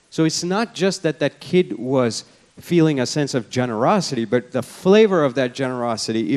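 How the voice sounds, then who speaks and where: A man's voice: medium pitch, darkish tone. A man giving a conference keynote, telling stories in a reflective, conversational way. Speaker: keynote speaker. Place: lecture hall at a symposium.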